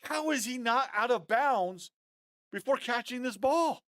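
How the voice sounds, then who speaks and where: A man breaking down football game film on a live stream, animated and fired up, talking straight to his viewers. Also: extremely high pitch, measured pace, no room sound, clean studio sound. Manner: addresses viewers as guys, often adds okay.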